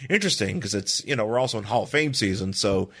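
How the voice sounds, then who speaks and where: A man co-hosting a podcast in casual chat, animated, often acting out quotes in loud high voices. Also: quick pace. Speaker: podcast co-host.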